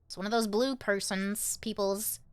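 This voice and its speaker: A woman's voice: mid-range voice, steady tone, moderate pace, smooth. A woman streamer giving playful, chatty commentary while playing a game.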